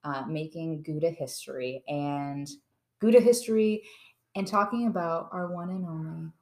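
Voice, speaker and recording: A woman's voice: sits low, fairly even intonation, normal speed, a little mellow. Bubbly woman hosting a casual podcast. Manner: bubbly, playful, swears casually. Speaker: podcast host. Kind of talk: casual chat. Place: finished basement.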